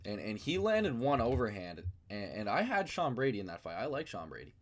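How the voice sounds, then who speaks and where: A man's voice: on the low side, huge pitch swings, fairly quick. A man hosting a casual fight commentary vlog from his basement, rambling and self-mocking. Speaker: MMA video host.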